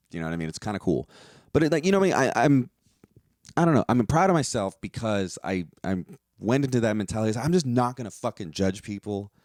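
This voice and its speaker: Low-voiced man, loose profane rambling. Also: a little mellow, no room sound, studio quality. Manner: profane, loose, drifts into playful high-pitched outbursts. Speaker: stand-up comedian and podcast host. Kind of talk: casual rambling monologue.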